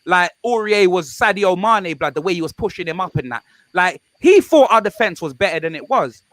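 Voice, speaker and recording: A young man, chatting casually about football on a video call stream, loud and jokey, full of slang. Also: high-pitched, fairly quick, dry recording. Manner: loud, jokey and animated, heavy London slang. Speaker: guest.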